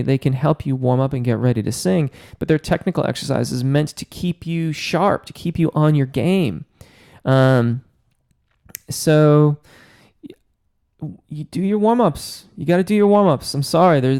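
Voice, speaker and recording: A man with a fairly high, mellow voice and some vocal fry hosts a live-stream Q&A as a vocal coach, close to a studio mic. He reads viewer comments aloud by name and casually explains singing technique.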